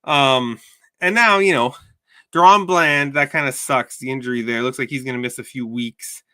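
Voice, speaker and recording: A man's voice: medium pitch, normal speed, pushed and bright. A man hosting a sports betting show, giving heated, rambling commentary with many restarts and repeated words.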